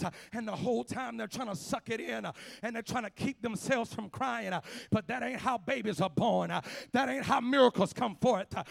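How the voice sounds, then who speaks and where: A man preaching in a church, shouting in a rhythmic, chanted style with a huffing "uh" at the start of each phrase. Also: sits high, no echo. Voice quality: raspy, gravelly voice. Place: church sanctuary.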